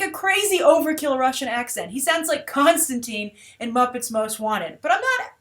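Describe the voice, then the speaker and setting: A woman hosts a trailer review in relaxed, chatty commentary. Her voice sits a little high and she talks animatedly, scattering fillers as she goes. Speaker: host of a movie trailer review show. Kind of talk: casual commentary.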